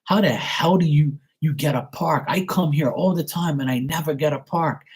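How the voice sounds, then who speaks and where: A man's voice: fairly high pitch, normal speed, husky, voice pushed up. A man putting on his ranting, exasperated sister. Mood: indignant. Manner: swearing, indignant.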